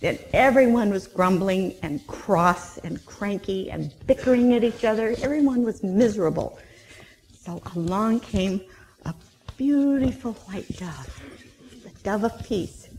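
A woman telling a children's story in church, expressive, with dramatic gasps and whispers. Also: medium pitch, a little slow, slight background noise. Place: church sanctuary.

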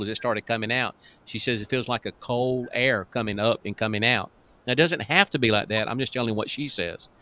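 A man's voice: mid-range voice, pushed and bright. A male pastor telling deliverance stories in a folksy, emphatic preaching manner, chuckling now and then.

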